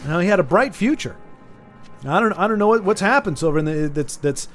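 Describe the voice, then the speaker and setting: Male streamer, casual stammering chat, voice a bit high, soft game music underneath. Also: lively intonation, brisk. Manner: rambling, stammers and repeats words; reads viewer chat aloud and teases. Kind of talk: casual chat while gaming.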